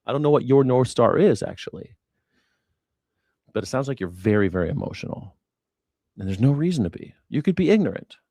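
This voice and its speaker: Male stream host, sarcastic and mocking, dry close sound, mid-pitched. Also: very animated, fairly quick, gravelly, long pauses, no echo. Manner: sarcastic, mocking, jumps between loud and hushed. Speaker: live-stream news reaction host. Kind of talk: live-stream commentary to chat.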